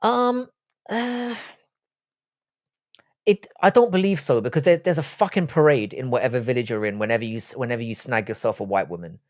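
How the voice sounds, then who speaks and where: A man's voice: mid-range voice, quick pace, hardly any pauses, dry recording, studio quality. Offhand, foul-mouthed male livestream host. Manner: profane, offhand, reading chat messages aloud and replying. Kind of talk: casual livestream chat.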